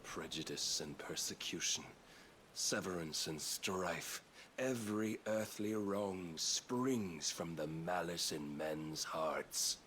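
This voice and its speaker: A man's voice: low voice, slow, a bit bright, a little hiss or hum. An actor voicing a cold, godlike male villain in a video game, grave and preaching with contempt for mankind. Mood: contemptuous.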